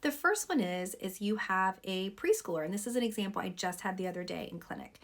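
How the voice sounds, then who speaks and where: Woman doctor giving earnest parenting advice to camera; some gravel in the voice. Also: mid-range voice, expressive, brisk. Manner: earnest, advising parents directly. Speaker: pediatrician. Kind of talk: talking to camera.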